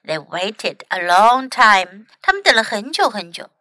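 A woman English teacher reading a picture book aloud in two languages, slow and expressive. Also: mid-range voice, no room sound.

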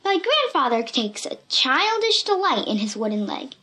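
A woman voicing a cheeky red-haired girl who tells tall tales in a shrill, playful voice in a storybook reading. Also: sing-song, normal speed, bright, forceful tone, full character voice. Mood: fibbing. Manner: shrill, playful, fibbing with a straight face.

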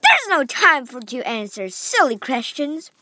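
Storybook read-aloud: a high, punchy, whimsical male chocolate maker voiced by a woman, impatient and commanding. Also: sing-song, pushed and bright, dry recording, clean studio sound, full character voice. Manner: quick commands, whimsical wordplay. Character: eccentric man chocolate maker, brisk and bossy.

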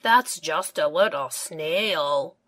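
A kindly old grandfather pig, as a woman reading a storybook puts him on, speaks gently and patiently. He explains things slowly, in a lower, calmer tone than the children. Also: heavily acted. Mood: gentle.

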